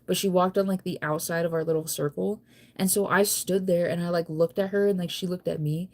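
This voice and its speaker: A woman's voice: on the low side, steady tone, brisk. A young adult woman chatting casually to camera, telling a long story in a rambling way with lots of "like" and restarts. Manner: chatty, rambling, heavy use of "like". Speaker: vlogger.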